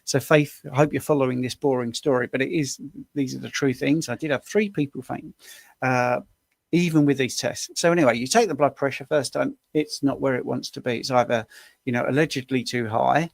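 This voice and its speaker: A man's voice: medium pitch, a little fast, vocal fry, no room sound, clean studio sound. A man in his sixties on a video call, explaining at length in a rambling, anecdotal way as co-host of a live Q&A. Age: 60s. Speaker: co-host answering questions. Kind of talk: casual live Q&A chat.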